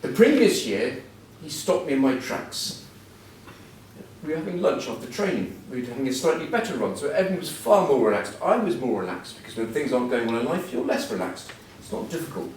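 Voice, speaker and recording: A man's voice: mid-range voice, very animated, a little fast. Middle-aged male guest speaker, anecdotal and wry, distant mic in a reverberant room with faint hum. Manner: anecdotal, self-deprecating, chatty storytelling. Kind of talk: after-dinner style motivational talk. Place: large event hall before an audience. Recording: echoey hall, voice from far off. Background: audience laughter.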